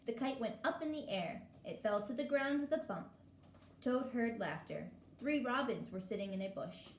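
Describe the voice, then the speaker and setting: A woman reads a children's storybook aloud in a gentle, clear manner. Her voice sits a little high. The room adds echo, and a faint hiss runs underneath. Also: animated, moderate pace. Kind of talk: reading a picture book aloud.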